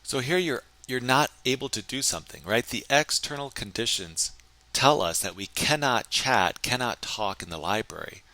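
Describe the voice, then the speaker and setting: A man teaching a recorded Chinese grammar lesson, explaining in English and slowly modeling sentences in Chinese. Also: medium pitch, expressive, bright, forceful tone, dry recording.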